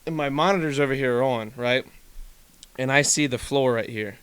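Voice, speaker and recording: A young man hosting a casual podcast from his home room, telling stories in an animated way and swearing freely. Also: mid-range voice, moderate pace, smooth, no room sound. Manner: animated storytelling, swearing, laughing. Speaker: podcast host. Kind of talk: casual chat.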